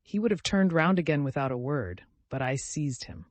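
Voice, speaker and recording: A man narrating a classic story in steady, scripted audiobook reading. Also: a little high, normal speed, no echo.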